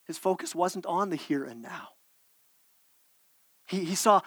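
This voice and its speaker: Guy preaching, kinda high voice, dry sound, earnest and stumbly. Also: animated, unhurried, pauses often, fairly bright tone, breathy edge, no room sound. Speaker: pastor. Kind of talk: sermon.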